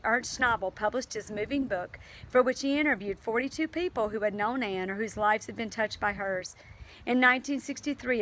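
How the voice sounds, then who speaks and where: A woman's voice: a little high, a bit bright. A woman teacher reading aloud to her class and then talking it over earnestly, with fillers and restarts.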